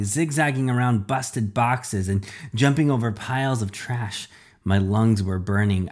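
A man narrating a children's audiobook in first person, expressive and dramatic. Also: on the low side.

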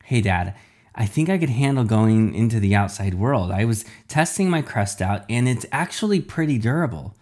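A man's voice: lowish voice, lively intonation, normal speed, darkish tone, natural voice. A man voicing a young boy who is a living slice of pizza, eager and worried, in a storybook reading.

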